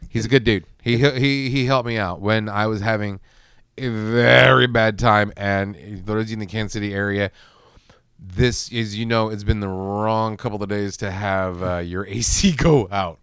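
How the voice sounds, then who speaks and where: A man co-hosting a podcast, telling a story in a casual, animated way with swearing and loud cartoonish voices. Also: lowish voice, normal speed, smooth, no room sound, studio quality. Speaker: podcast co-host. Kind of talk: casual chat.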